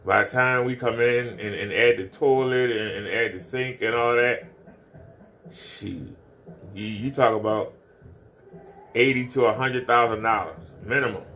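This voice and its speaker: Guy ranting on his stream, mocking, keeps repeating himself, aave, mid-pitched voice. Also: a little slow, fairly bright tone, a little hiss or hum. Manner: repetitive, mocking. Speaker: commentary streamer. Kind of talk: ranting commentary.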